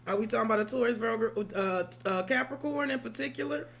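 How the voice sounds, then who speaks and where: A woman's voice: on the high side, quick pace. Salty, chatty woman reading tarot. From South Side of Chicago. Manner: chatty, digressive, salty, swears freely. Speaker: tarot reader. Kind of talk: casual livestream tarot reading.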